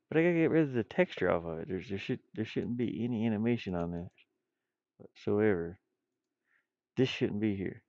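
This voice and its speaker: A man's voice: lowish voice, lively intonation, a little fast, darkish tone, no echo, muffled recording. A man with a stuffy nose chatting casually on a live stream while he builds a game, rambling and talking to himself. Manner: rambling, self-talking, chuckles often. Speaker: indie game developer streaming.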